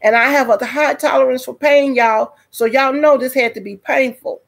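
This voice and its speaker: A woman's voice: sits high, steady tone, normal speed, creaky, hardly any pauses. A woman telling a dramatic personal story to her viewers in a storytime vlog, speaking directly to them. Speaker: vlogger.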